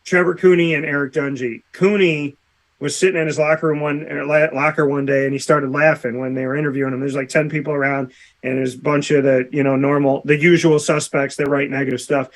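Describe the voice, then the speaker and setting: A male sports radio host with a somewhat high voice, chatting casually with a guest. He tells stories with animation and acts out the people he quotes. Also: flat delivery, brisk. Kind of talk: casual interview chat.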